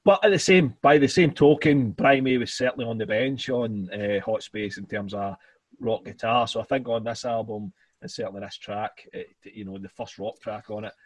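A man hosts a casual music chat with a husky, slightly rough voice, halting and rambling through fillers as he goes. He sounds a bit tipsy, and the sound is dry and close, with no room around it. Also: on the low side, no echo. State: a bit tipsy after two beers. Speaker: podcast host.

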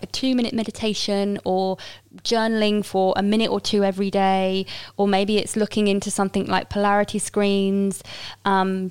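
A woman co-hosting a podcast, giving advice in a measured, steady way. Her voice is smooth and clear at a middle pitch. It is recorded close and dry, with no room echo. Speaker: podcast co-host. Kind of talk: casual podcast chat.

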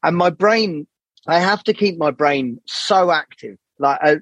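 A man's voice: on the high side, measured pace, no echo, muffled recording. A man talking as a podcast guest in a candid, rambling way, swearing often. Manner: swears freely, animated rambling storytelling. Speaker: jazz saxophonist, podcast guest.

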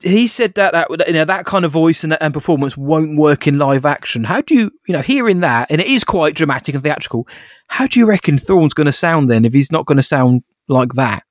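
A man's voice: on the high side, lively intonation, brisk, no room sound, clean studio sound. A man co-hosting a podcast in casual chat, upbeat and jokey, asking his co-host questions.

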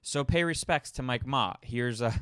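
A man's voice: medium pitch, moderate pace, background noise. A man hosting his own podcast, talking casually in a rambling way, often restarting and repeating words. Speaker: podcast host. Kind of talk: casual solo monologue.

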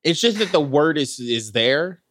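A woman's voice: deep voice, expressive, unhurried, a crowd in the background. A woman co-hosting a comedy podcast in casual chat, asking jokey questions and swearing casually. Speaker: podcast co-host.

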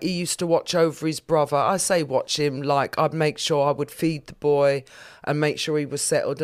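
Woman, comedian guest, candid interview talk, blunt earthy humour, resonant clear tone. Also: deep voice.

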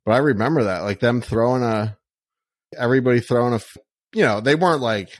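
A man's voice: medium pitch, fast, no echo. A man co-hosting a podcast in casual chat, rambling with plenty of fillers and swearing. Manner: rambling, profane, lots of "like". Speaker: podcast co-host.

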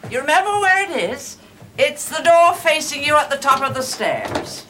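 Brief: a prim TV-drama aunt, cheery and dismissive, her pitch swooping widely. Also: big pitch swings, normal speed, pushed and bright, a little hiss or hum, heavily acted. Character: fussy, prim older woman, an aunt who brushes off bad news. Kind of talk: television drama acting.

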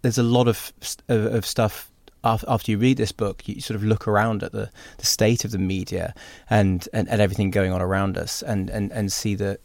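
Male interviewer, slightly low voice, halting and hedging, dry close sound. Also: flat delivery, gravelly, darkish tone, dry recording. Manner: hesitant, hedging with sort of. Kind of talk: conversational interview.

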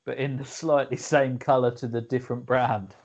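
A man, co-hosting a podcast and trading quick jokes in casual chat. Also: mid-range voice, flat delivery, a little mellow, lo-fi sound. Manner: jokey, quick quips. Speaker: podcast co-host.

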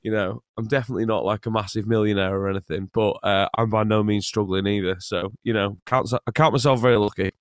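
A man's voice: lowish voice, fairly even intonation, fast talker, hardly any pauses, smooth, dry recording. Chatty young man, dry close sound. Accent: English. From Scotland. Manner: chatty, laughs often, rambling restarts. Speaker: musician guest. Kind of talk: casual interview chat.

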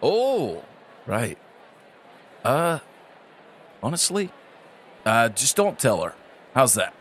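A man's voice: mid-range voice, wildly swooping pitch, takes it slowly, a little hiss or hum, voice pushed up. A man voicing a fretful dwarf king and fond father who talks hesitantly, full of ums and uhs. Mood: friendly.

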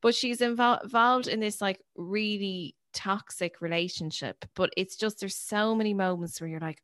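A woman's voice: medium pitch, moderate pace, few pauses, a bit bright, no room sound, clean studio sound. A woman co-hosting a comedy podcast, chatting casually in a teasing, self-mocking way. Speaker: podcast co-host.

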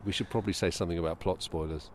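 A man's voice: low-pitched, steady tone, very fast, a little hiss or hum. A man co-hosting a podcast outdoors in a small park, chatting casually with a dry, skeptical humor. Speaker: podcast co-host. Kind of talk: casual chat and reading aloud on a walk.

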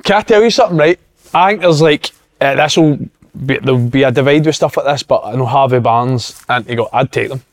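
Rapid-fire Scottish man, blunt opinions. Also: medium pitch. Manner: eager, blunt, quick opinions. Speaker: podcast co-host. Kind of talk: casual football chat.

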